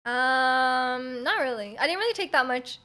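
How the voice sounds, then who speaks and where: A woman's voice: high-pitched, lively intonation, measured pace, bright, forceful tone. A young woman from Canada chatting casually on her stream, rambling with lots of "like" and "um" and the odd giggle. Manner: rambling, many likes and ums, giggly. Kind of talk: casual chat.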